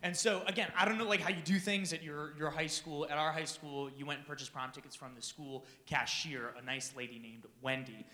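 High bright-voiced man telling a funny story. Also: brisk, hardly any pauses, roomy sound. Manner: animated, self-deprecating, acts out dialogue. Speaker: speaker addressing an audience. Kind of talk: comic personal storytelling.

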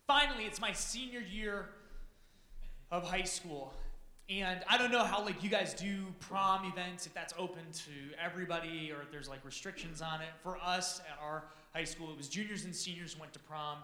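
High bright-voiced man telling a funny story. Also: normal speed, reverberant. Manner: animated, self-deprecating, acts out dialogue. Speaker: speaker addressing an audience. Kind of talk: comic personal storytelling.

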